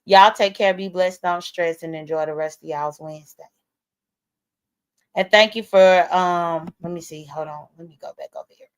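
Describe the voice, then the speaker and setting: A woman's voice: lowish voice, normal speed, clean tone. A woman hosting a casual livestream, talking straight to her viewers with blunt, profane emphasis. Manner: talks straight to viewers as "y'all". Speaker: livestream host. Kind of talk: casual live-stream commentary.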